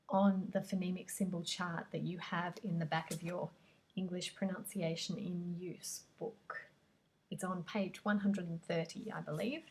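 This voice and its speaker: Slow, husky Australian woman teaching vowels. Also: mid-range voice, darkish tone. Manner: slow, careful, drawn-out sound demonstrations. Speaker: English teacher. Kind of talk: pronunciation lesson.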